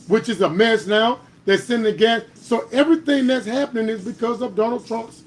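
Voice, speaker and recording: High-voiced man in heated political talk. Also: normal speed. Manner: emphatic, repeats "All right?" to press his points; heated and argumentative, builds to louder bursts. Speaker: host. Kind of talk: political commentary livestream.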